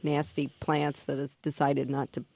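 A woman's voice: sits low, little pitch movement, moderate pace, creaky, a little mellow. A woman gardening expert answering radio callers in a casual, friendly way, laughing easily and explaining with hedges. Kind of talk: casual radio call-in advice. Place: radio studio.

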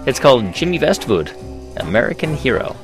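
Male host, gravelly voice with lively pitch, halting questions, clear music bed behind. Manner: halting, restarts his questions. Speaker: interviewer. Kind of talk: interview questions and outro.

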